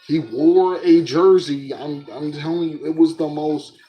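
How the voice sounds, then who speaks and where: Young man telling animated stories. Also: on the high side, a little slow, lo-fi sound, soft background music. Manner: animated storyteller who often breaks into laughs. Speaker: solo podcast host. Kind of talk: casual solo chat.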